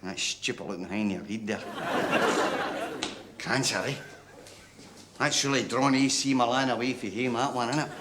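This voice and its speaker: A tactless pal, played by a man, blunt and jokey in a mid-pitched voice, with clear background noise. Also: moderate pace, long pauses, natural voice. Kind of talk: TV sitcom acting.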